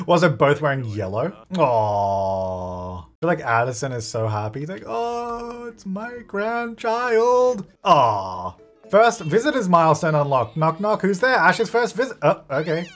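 A man's voice: mid-range voice, a bit bright. A man giving casual running commentary on a life-simulation game, thinking aloud, laughing often and talking to the game's characters. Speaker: gaming video creator. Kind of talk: casual let's-play commentary.

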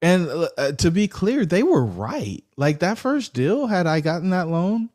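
A man being interviewed as a guest, telling a long story with lively pitch swings and acted-out quotes. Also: a little slow. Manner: animated storyteller acting out quoted voices. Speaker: guest, real estate investor.

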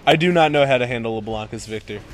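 A young man commentating his own gameplay, excitable, swearing and shouting at teammates. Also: mid-range voice, quick pace, slight background noise.

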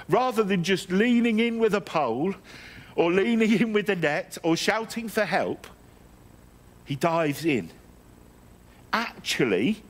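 Storytelling English male preacher, higher voice. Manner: storytelling with self-deprecating humour and frequent restarts. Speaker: guest preacher. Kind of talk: sermon.

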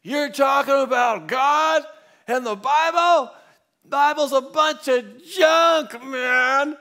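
Guy doing a loud drunk dude yelling high and slow, super bombastic. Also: exaggerated voice. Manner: shouting, slurred, drawn-out. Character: loud drunk adult man heckling, bombastic.

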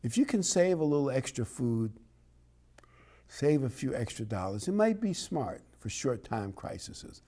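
A man's voice: mid-range voice, sing-song, unhurried, mellow. A man preaching a sermon in a conversational, encouraging way, telling a parable and chuckling now and then.

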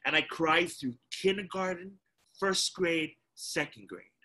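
A man from Hawaii with a bright, slightly high voice speaks to a group of children over a video call. He is an animated storyteller who acts out his younger self, and his tone swings from loud to hushed as he talks. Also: slow. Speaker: guest speaker. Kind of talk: motivational talk to children.

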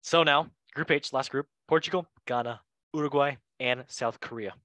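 A man's voice: mid-range voice, sharp tone, no echo. Male host, playful, joking, dry close-mic sound. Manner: playful, joking, quick asides. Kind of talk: casual chat.

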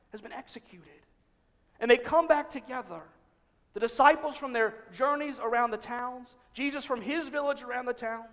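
A male pastor preaching a sermon in a church sanctuary, conversational, acting out quotes and dropping to hushed emphasis. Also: very high-pitched. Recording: long church reverb.

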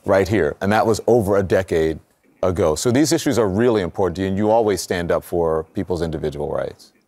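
Deep voiced guy hosting a talk show, measured, leads into his point slowly. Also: a little mellow.

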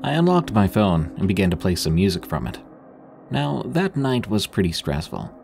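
A man's voice: low-pitched, creaky, a little mellow, a little hiss or hum. A man narrating a first-person scary story in a tense, dramatic scripted style. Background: faint background music.

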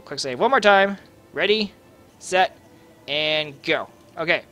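A man's voice: a little high, lively intonation, slow pace, bright, forceful tone, soft background music. A man casually commenting on his own gameplay, sarcastic and crude. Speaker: gaming video host.

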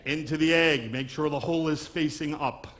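Guy from long island doing joke-heavy magic patter on stage, slightly high voice, bit of noise behind. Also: fairly even intonation, normal speed. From Long Island, New York. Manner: joking, wisecracking patter. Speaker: comedy magician. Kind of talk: stand-up comedy magic act. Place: stage before a live audience.

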